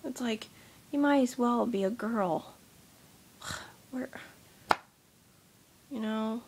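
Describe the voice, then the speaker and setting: A tired young woman with a headache, rambling in a soft, half-whispered voice as she vents to her vlog camera. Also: fairly high pitch, very slow, slightly rough. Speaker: vlogger. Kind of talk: casual rant to camera.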